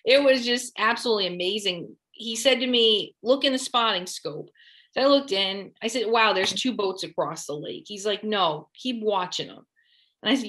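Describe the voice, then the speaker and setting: A woman researching a lake monster, telling her story in an interview in a lively way and often quoting herself. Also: medium pitch, normal speed. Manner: animated, quotes herself mid-story.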